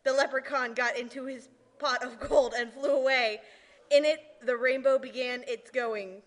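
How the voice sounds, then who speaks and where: A woman doing a deadpan comic reading in deliberately broken English, slow and giggly. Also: sits high.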